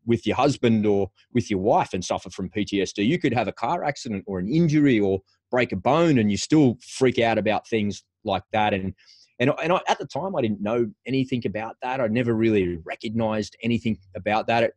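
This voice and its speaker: A man's voice: fairly low pitch, lively intonation, a little fast, darkish tone, no room sound. A middle-aged man and former paratrooper telling a personal story frankly as a podcast guest, often restarting his phrases. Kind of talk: candid storytelling in a podcast interview.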